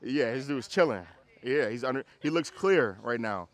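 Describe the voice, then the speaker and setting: Animated man coaching a dog walk. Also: mid-range voice, normal speed. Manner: animated, repeats himself, acts out scenes in voices. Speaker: dog trainer. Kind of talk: casual coaching on a group walk.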